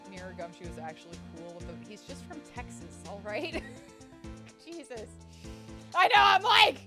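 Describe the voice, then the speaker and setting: A young woman streamer playing a game, excitable, swearing and laughing a lot as she talks to her chat. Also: a little high. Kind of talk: let's play commentary. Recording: game music behind.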